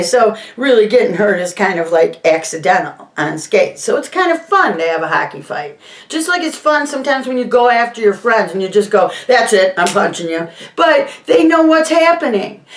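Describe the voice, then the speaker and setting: A woman's voice: fairly high pitch, far from the mic. A woman hosting a casual monologue vlog, rambling and emphatic, moving between topics. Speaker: host. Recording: echoey room, voice off-mic.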